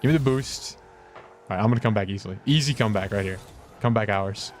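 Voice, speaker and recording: A young man streaming a game, chatting casually with viewers in a rambling, self-mocking way, his pitch jumping up and down. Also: fast talker, slight background noise. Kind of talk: casual gameplay commentary.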